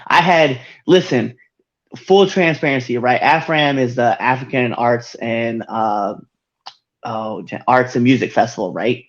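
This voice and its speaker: A man's voice: mid-range voice, unhurried, dull audio. A man hosting a podcast, chatting casually and laughing often as he tells wrestling stories. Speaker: podcast host.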